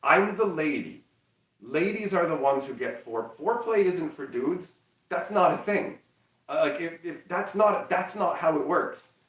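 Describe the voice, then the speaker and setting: A man chatting casually on a livestream, loud and energetic, teasing his chat. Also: fairly high pitch, a little slow, roomy sound, recorded from a distance. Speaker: streamer.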